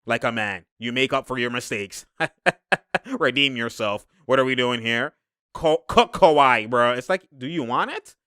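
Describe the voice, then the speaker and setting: A man doing casual, slangy basketball film breakdown, laughing often and shouting at the players on screen. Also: medium pitch, moderate pace, smooth, no room sound, studio quality. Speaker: sports commentator breaking down game film. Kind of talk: casual game breakdown commentary.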